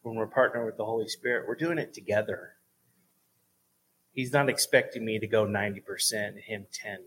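A man telling lively stories about faith in a casual talk, going soft and low at times for emphasis. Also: a little fast, slight background noise. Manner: animated storyteller, drops to a soft voice for emphasis.

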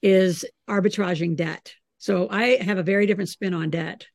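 A middle-aged woman hosting a podcast, chatting casually and telling lively stories about her children. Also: fairly low pitch, normal speed, dry recording. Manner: animated storyteller, acts out her kids' lines. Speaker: podcast host. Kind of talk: casual chat.

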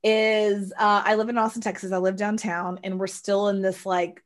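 A woman chatting casually and telling stories in an animated way, often acting out what others said. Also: mid-range voice, normal speed. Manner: animated storyteller, acts out quotes loudly. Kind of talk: casual chat.

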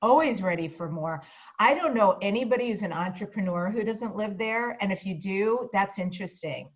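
A woman's voice: mid-range voice, lively intonation, normal speed. Female podcast guest, chatty and reflective, filler-heavy, slightly dull sound. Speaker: interview guest, media coach. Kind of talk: casual interview chat.

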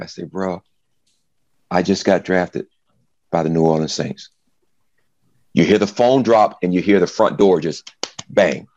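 A man's voice: low-pitched, a little slow, long pauses, dry recording, lo-fi sound. A middle-aged man, a former football player, tells his story in an interview and acts out the voices of the people in it. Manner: animated storyteller, acts out quotes.

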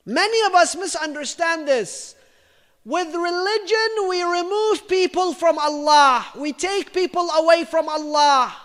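A man giving a storytelling religious lecture, emphatic and repetitive, dropping his voice low for quoted lines. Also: unhurried, fairly bright tone. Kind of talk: storytelling sermon. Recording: reverberant lecture hall.

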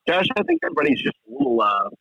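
A man's voice: high-pitched, wildly swooping pitch, racing, gravelly, bright, forceful tone, no room sound. A tipsy man telling a laid-back story on a casual sports talk show. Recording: dull dry radio sound.

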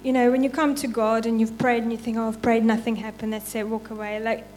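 A woman's voice: fairly high pitch, little pitch movement, fast, a little mellow, a little hiss or hum. A woman giving an informal church testimony and reading scripture, chatty and unpolished, often breaking into laughs.

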